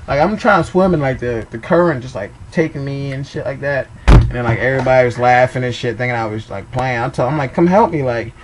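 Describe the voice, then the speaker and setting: Speaking fast in a medium-pitched voice, a young man spins casual, foul-mouthed, meandering comic tales and keeps laughing at them. Faint noise hums in the background.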